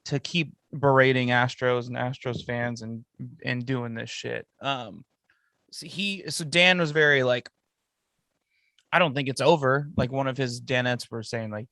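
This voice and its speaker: A man co-hosts a casual sports podcast and gives his opinions bluntly. His voice is at a middle pitch and comes through dry and close to the mic, with no room sound. He talks in a casual, confident way. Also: measured pace, vocal fry, bright, forceful tone, no room sound. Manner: opinionated and blunt, says "bro". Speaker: podcast co-host.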